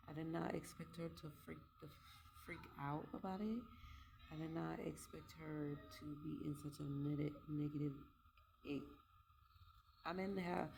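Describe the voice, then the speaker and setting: A woman talking frankly and reflectively to camera about her life, pausing with fillers as she works through her thoughts. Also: low-pitched, gravelly, noisy background. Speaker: vlogger. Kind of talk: candid personal monologue.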